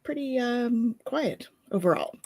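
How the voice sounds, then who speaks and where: A woman's voice: fairly high pitch, expressive, unhurried, a little mellow, breathy edge. A woman co-hosting a live spirituality stream, chatting casually and giggling easily as she rambles. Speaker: co-host of a spirituality live show.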